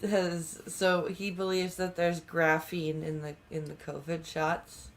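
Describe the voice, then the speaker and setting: A woman on a political chat podcast, speaking haltingly and sarcastically with many restarts. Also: fairly low pitch, flat delivery, rough recording. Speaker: podcast panelist.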